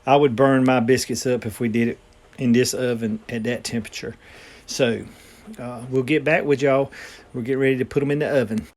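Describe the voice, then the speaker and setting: A man's voice: medium pitch, fairly even intonation, brisk. A man, talking casually and folksily while demonstrating cooking in his home kitchen. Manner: folksy, rambling, frequent ums. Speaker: home cooking channel host.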